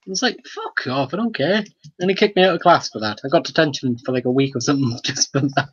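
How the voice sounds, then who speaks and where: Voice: mid-range voice, fast talker, slightly rough. A podcast co-host chatting casually, reacting with disbelief and laughter and swearing freely. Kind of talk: casual chat. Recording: dull, lo-fi sound.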